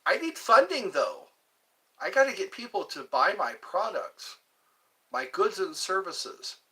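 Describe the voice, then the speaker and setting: A man's voice: high-pitched, very animated, unhurried, bright, forceful tone. A man hosting a casual livestream, rambling and chatting directly with his viewers. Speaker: livestream host.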